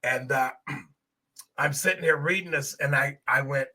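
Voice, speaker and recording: A man's voice: mid-range voice, moderate pace, bright, forceful tone, husky. A middle-aged man hosting a podcast, telling a personal testimony in an earnest, emotional way and speaking straight to his listeners. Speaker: podcast host.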